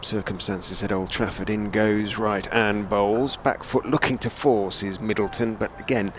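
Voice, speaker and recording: A man giving relaxed ball-by-ball cricket commentary from a rooftop commentary position, rising with excitement on the big shots. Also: lowish voice, slight background noise. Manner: measured, chatty, lifts to excited calls on big shots. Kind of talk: radio-style ball-by-ball commentary. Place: commentary position on a stadium hotel roof.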